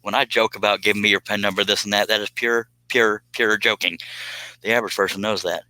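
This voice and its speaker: A man hosts a late-night live stream in a loose, rambling way, cracking jokes and chuckling at them. His voice sits very low yet comes across sharp and forceful. The sound is dry and close. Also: flat delivery, fairly quick, no room sound, poor audio. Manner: joking, rambling, laughs at his own jokes. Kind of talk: casual live stream chat, reading viewer comments.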